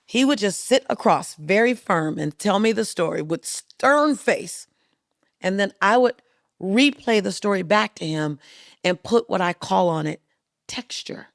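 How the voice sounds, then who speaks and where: A woman speaker on a podcast as a guest, telling stories in an emphatic, rhythmic and animated way. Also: mid-range voice, a little slow, gravelly, dry recording, clean studio sound. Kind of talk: storytelling interview talk. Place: podcast studio.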